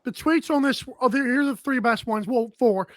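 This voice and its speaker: Guy co-hosting sports talk, reads posts off his screen, quick asides, dry close sound. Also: very high voice, no room sound. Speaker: radio show co-host.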